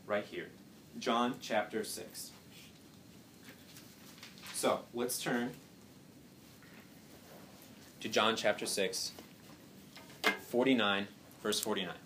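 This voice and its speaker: A young man with a slightly low voice leads a casual Bible study, talking through the passage in a chatty way and dropping in rhetorical questions and jokes. He sits back from the microphone in a roomy, echoing space. A faint background hum runs underneath. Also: steady tone, extremely slow, pauses often, a bit bright. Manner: conversational, rhetorical questions, joking asides. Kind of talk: casual scripture teaching. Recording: roomy, distant mic, faint background noise.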